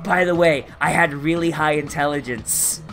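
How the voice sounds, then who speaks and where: A man's voice: a little high, moderate pace, fairly bright tone, faint music behind. A man streaming a game, telling a story in a rambling, swearing, filler-heavy casual chat.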